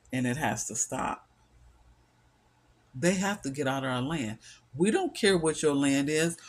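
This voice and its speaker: A middle-aged man delivers an impassioned solo monologue at a slow, deliberate pace. His voice sits a little high, and he sounds weary and emphatic. He hammers his points home through repetition. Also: a bit bright. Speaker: vlogger.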